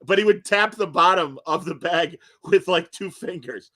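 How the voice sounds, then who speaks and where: With a voice that sits high and an even, moderate pace, this male podcast host tells stories in a casual, nostalgic chat. He laughs frequently and brings the quotes to life by acting them out.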